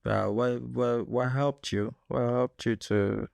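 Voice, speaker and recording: A man from Africa co-hosts the podcast in a supportive, easygoing way. His voice is gravelly, and he chimes in with short agreements and questions. The sound is dry and close. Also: mid-range voice, fairly even intonation, slow pace, darkish tone, dry recording. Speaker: podcast co-host. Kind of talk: casual chat.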